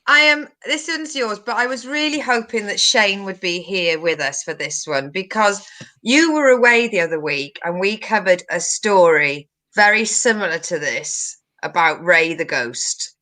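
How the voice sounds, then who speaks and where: A woman co-hosting a comedic news chat, animated and quick to exclaim. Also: mid-range voice. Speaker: co-host.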